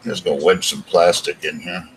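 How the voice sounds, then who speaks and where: A man's voice: low-pitched, fairly even intonation, normal speed, a little hiss or hum. A man hosting a casual live stream from his living room, chatting with guests while he tinkers and mutters.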